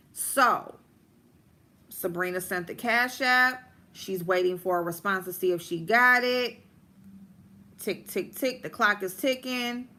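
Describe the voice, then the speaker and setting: A woman telling a story during a livestream, animated and blunt, with plenty of swearing. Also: medium pitch. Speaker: livestream host. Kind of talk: casual storytime rant.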